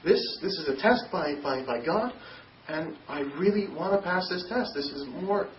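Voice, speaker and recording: Young guy from newfoundland, kinda high voice, keeps stumbling and restarting, far off in an echoey dull recording with faint hiss. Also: animated. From Newfoundland, Canada. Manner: halting, repeats words and restarts often. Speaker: interviewee telling his conversion story. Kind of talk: personal testimony.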